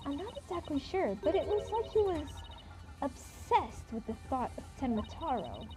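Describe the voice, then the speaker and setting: A woman's voice: high voice, big pitch swings, moderate pace, warm tone, soft background music, voice pushed up. A woman reading as an earnest young lawyer.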